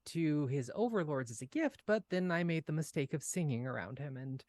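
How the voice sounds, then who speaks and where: A man voicing a captive winged female bard who speaks in halting, hesitant phrases. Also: a little high, animated, a little mellow, no echo, lightly acted. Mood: weary.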